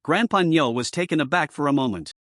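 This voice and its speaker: Animated man narrating a story. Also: a little high, brisk, dry recording, studio quality. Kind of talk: scripted narration.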